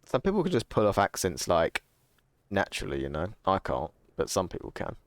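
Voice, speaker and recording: A man's voice: deep voice, huge pitch swings, fairly quick, dry recording. A young man chatting casually on a live stream, rambling, self-correcting and swearing now and then. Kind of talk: casual chat reading stream chat.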